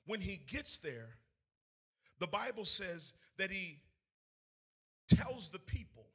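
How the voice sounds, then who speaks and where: A man preaching a sermon to a congregation, swinging between shouted, sing-song lines and hushed storytelling. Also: high voice, big pitch swings, slow pace, slightly rough. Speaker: evangelist. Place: in front of a congregation.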